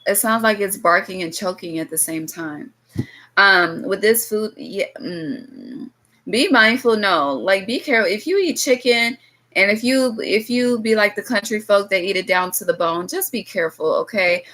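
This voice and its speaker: A woman does a loose, casual tarot reading for her viewers, blunt and swearing freely as she drifts into chatty asides. Her mid-range voice is a bit bright and moves at a normal speed, and the recording quality is low.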